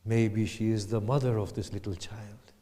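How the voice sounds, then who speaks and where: A man giving a sermon, retelling a tragic story slowly, swinging from hushed whispers to loud anguished cries. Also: lowish voice, steady tone, big-room sound. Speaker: lecturer.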